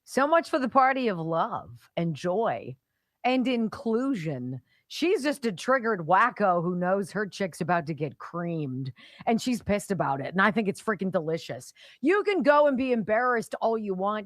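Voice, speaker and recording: A woman's voice: lowish voice, expressive, moderate pace, dry recording, studio quality. A woman hosting a talk radio show, delivering a sarcastic, mocking opinion monologue. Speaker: radio host.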